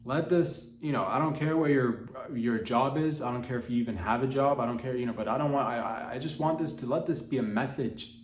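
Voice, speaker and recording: Male podcast host, mock-dramatic rambling comic, mid pitch, echoey room. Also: a little fast, hardly any pauses. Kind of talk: rambling comedic monologue.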